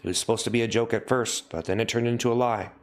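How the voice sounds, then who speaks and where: A man hosting a livestream, repeating a deadpan mock confession over and over. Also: mid-range voice, fast talker. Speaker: livestream host. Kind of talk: mock-solemn livestream apology.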